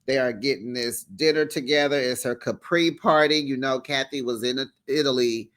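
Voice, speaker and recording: A man hosting a casual recap of a reality show, sassy and animated, with lots of "honey" and "child". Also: mid-range voice, normal speed. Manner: acts out the quotes in put-on voices.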